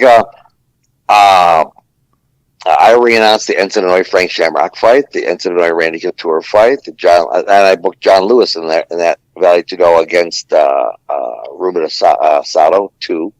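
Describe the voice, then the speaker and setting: A former ring announcer, a man with a deep voice, tells rambling fight stories on a podcast, full of fillers and curses. It's casual storytelling, and the recording is dry and poor in quality.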